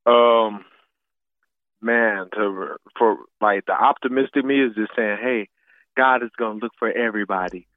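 A man's voice: lowish voice, a little slow, no echo. A man calling in to a radio show, talking in a rambling, repetitive, emotional way. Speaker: caller. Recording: phone line.

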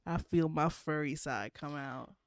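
A woman's voice: low voice, unhurried, no echo. A young woman co-hosting a casual book chat, playful and teasing, spinning silly scenarios. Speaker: podcast co-host.

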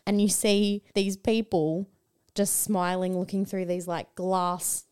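An Australian woman co-hosting a relaxed film podcast, her voice sitting a little low for a woman. She retells scenes with animated energy. Her delivery stays easygoing and conversational. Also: takes it slowly, clean tone. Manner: animated retelling, acts out quotes. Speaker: podcast co-host. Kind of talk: casual film-review chat.

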